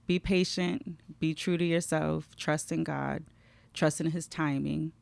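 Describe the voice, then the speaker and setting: Host, woman, middle-aged: low gravelly voice, warm and tearful, dry close sound. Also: steady tone, unhurried, no room sound. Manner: warm, emotional, fighting back tears. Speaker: podcast host. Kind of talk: heartfelt podcast conversation.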